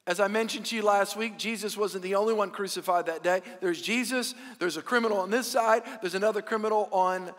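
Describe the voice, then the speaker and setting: High-voiced pastor preaching in a hall. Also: male voice, fairly quick, few pauses, fairly bright tone. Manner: folksy storytelling with joke voices. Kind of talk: sermon. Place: church auditorium. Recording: reverberant hall.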